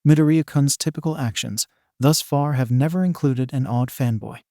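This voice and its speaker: Man reading a shrewd animal principal, amused, even delivery, middling pitch, dry close sound. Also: moderate pace, dry recording, natural voice. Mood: knowing. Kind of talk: fan fiction reading.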